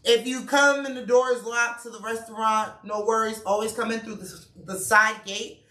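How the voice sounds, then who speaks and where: A chef and restaurant owner chats through promos in a relaxed, slangy way, laughing a lot. Her bright, sharp voice is a little high and moves at normal speed. She is recorded from a distance in a roomy, echoing space.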